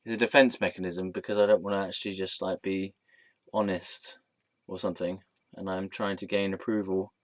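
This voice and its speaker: A man's voice: low-pitched, flat delivery, fairly quick, dry recording. A young man telling rambling, silly stories to his camera, giggling often and slipping into put-on voices. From England. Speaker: vlogger. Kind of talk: rambling casual vlog storytelling.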